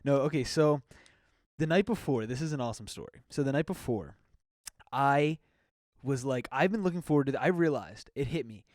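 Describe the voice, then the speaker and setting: A young man co-hosting a podcast, telling a story in an excited, laughing, casual way. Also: medium pitch, a little fast, no echo, clean studio sound. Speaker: podcast co-host. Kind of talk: casual chat. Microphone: podcast microphone with windscreen.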